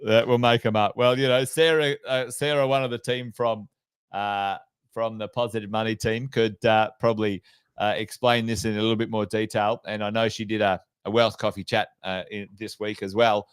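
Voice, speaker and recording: A man's voice: fairly low pitch, little pitch movement, moderate pace, clean tone, no echo. An Australian man co-hosting a finance podcast, blunt and sweary, mocking officials in casual banter. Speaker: podcast co-host.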